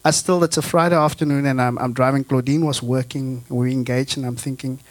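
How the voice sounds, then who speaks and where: A man's voice: medium pitch, steady tone, a little fast. A South African man, a guest missionary, casually telling stories to a church audience, laughing often and repeating words as he talks.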